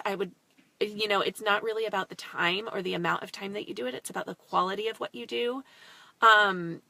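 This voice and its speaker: A chatty woman in her thirties talks straight into her phone on a live stream, rambling and swearing casually as she goes. Her voice is bright and forward, and the recording is dry and close. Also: fairly high pitch, dry recording. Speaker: mom vlogger hosting a live stream.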